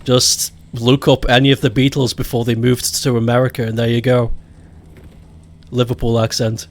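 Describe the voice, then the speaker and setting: A man's voice: medium pitch, flat delivery, moderate pace. A man with a Scottish accent chatting casually as a game streamer, joking and laughing often. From Scotland. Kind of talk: casual chat while gaming.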